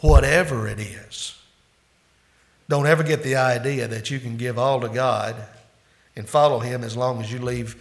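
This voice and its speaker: A man preaching a sermon as pastor, swinging between loud, emphatic climaxes and quieter, hushed asides. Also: medium pitch, steady tone, normal speed.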